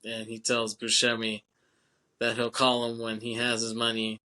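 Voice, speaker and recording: A man co-hosting a casual podcast speaks in a mid-range, monotone voice with a sharp tone at a moderate pace. While recapping a film, he laughs often, swears casually, and acts out lines.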